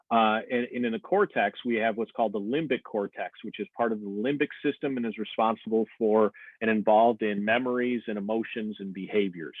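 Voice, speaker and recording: A man's voice: mid-range voice, dry recording. A male instructor giving a recorded anatomy and physiology lecture, explaining step by step, often checking in with "okay?" and "right?" between filler words. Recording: tinny phone-like dry recording.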